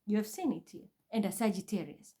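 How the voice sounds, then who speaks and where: A woman's voice: medium pitch, a little fast, warm tone. A woman vlogging from home in an intense, accusatory, repetitive monologue. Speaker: spiritual reader vlogger. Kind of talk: agitated monologue to camera. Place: her home.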